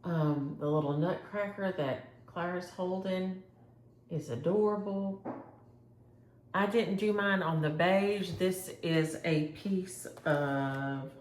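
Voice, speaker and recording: A woman's voice: on the low side, takes it slowly, darkish tone, echoey room, a little hiss or hum. A woman chatting casually and rambling as she shows her cross-stitch projects to viewers. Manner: chatty, rambling, thinks aloud. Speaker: flosstube host.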